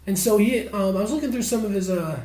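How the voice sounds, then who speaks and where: A young man with a hoarse voice from laryngitis, co-hosting a casual podcast and rambling with many fillers. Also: high voice, fast talker, dark tone, reverberant. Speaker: podcast co-host. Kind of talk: casual chat.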